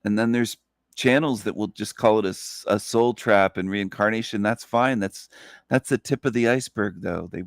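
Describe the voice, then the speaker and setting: Sleepy man hosting a solo spiritual talk, low gravelly voice, dry close sound, slow earnest delivery. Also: no echo. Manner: slow, earnest, repetitive phrasing. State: sleepy, up all night. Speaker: channel host.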